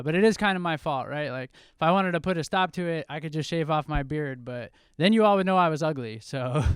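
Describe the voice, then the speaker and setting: A man's voice: fairly high pitch, clear, resonant tone, dry recording, studio quality. A man from New Jersey doing a self-deprecating stand-up set on a club stage into a handheld mic. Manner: self-deprecating, relaxed deadpan delivery. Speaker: stand-up comedian.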